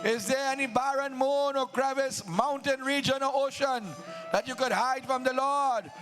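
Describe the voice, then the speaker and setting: Male devotional storyteller, very high voice, slow dramatic preacherly phrasing. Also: fairly even intonation, fairly bright tone, soft background music. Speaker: Ramleela narrator.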